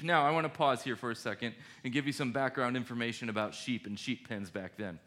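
A man preaching a sermon in a conversational, animated way, asking his listeners questions. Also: medium pitch, fast, hardly any pauses. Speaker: pastor.

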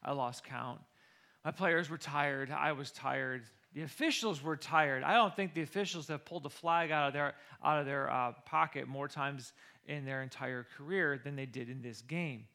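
A football coach, a man, telling a personal story in a lively way and acting out the quoted voices of others. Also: on the high side, normal speed, vocal fry. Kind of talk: storytelling talk.

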